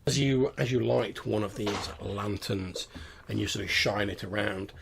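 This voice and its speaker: A man's voice: on the low side, fairly even intonation, a little slow, creaky, background noise. A man who narrates a tabletop game as game master in a casual, swearing manner.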